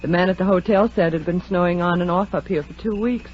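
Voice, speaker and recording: An actress playing a calm, well-read young woman in a 1940s radio drama who explains things patiently. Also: on the low side, fast talker, lightly acted. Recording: dull old radio recording with faint noise.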